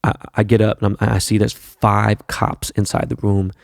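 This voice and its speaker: A man's voice: lowish voice, flat delivery, normal speed, creaky, dry recording, studio quality. A man hosting a podcast, telling a long, profane, rambling anecdote full of fillers. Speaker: podcast host. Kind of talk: casual storytelling monologue.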